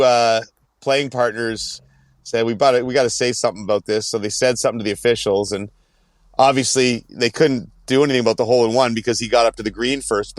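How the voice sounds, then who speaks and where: A podcast co-host with a medium-pitched voice, recorded without echo, tells long, rambling stories. The chat is casual and packed with fillers.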